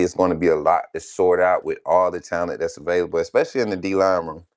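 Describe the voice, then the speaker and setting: A young man with a deep, low voice, talking through a casual live stream. He rambles loosely, restarting his sentences and filling pauses with "um.". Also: no room sound, clean studio sound. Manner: loose and conversational, with many fillers and restarts. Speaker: host of a college football channel.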